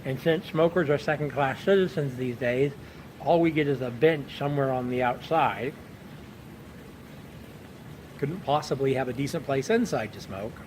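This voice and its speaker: A man's voice: mid-range voice, moderate pace, pauses often, a little mellow, slight background noise, rough recording. A man chatting casually as a vlogger, telling a rambling, chuckling story while outdoors on a bench at night. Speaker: pipe-smoking vlogger. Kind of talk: casual chat.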